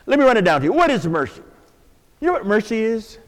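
A high-pitched older man delivers a sermon to his church. His voice swings widely between near-whispered pleas and loud, ringing calls, with long reverb from the sanctuary around him. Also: very animated, fast talker. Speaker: pastor.

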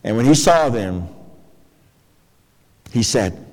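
A man preaching a sermon, folksy and expressive, dropping to soft low phrases and jumping to high, emphatic ones. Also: slow pace. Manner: folksy, colloquial asides. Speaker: pastor. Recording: long hall reverb.

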